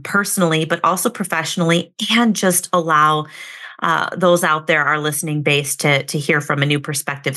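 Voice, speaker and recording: Bright-voiced effusive woman podcast host. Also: low-pitched. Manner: effusive, conversational. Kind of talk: podcast interview.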